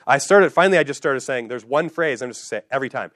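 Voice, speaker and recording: Male preacher, earnest teaching tone, repeats key lines, mid pitch, dry close sound. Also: fast talker, fairly bright tone, no room sound. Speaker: pastor. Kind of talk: sermon.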